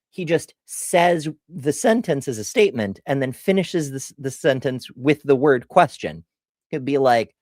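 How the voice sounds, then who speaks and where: A middle-aged woman with a low, slightly mellow voice hosts a casual livestream Q&A, recorded clean in the studio with no echo. She's chatty and rambles off on tangents, laughing at herself often and frequently restarting.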